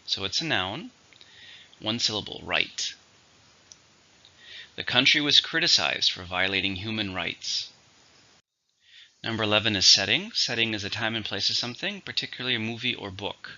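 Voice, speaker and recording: Bright-voiced man teaching vocabulary. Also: fairly low pitch, muffled recording. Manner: slow, clear, repeating each word for learners. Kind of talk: scripted vocabulary lesson.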